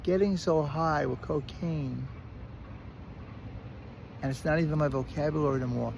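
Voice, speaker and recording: A man with a Brooklyn accent telling a personal story in a casual, animated way, often restarting and repeating words. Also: a little high, normal speed, gravelly, noisy background. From Brooklyn, New York. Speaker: recovery speaker.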